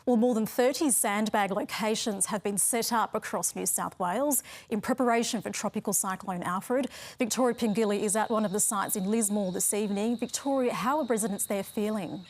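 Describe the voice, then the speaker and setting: An Australian woman presenting the evening news, reading in a crisp, measured way. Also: mid-range voice, a little hiss or hum. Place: news studio.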